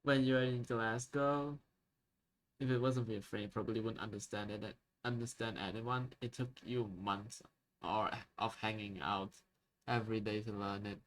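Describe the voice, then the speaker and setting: A man's voice: lowish voice, steady tone, normal speed. A man casually chatting with his viewers while drawing on a live stream, laid-back and chuckling often, repeating words as he starts his sentences.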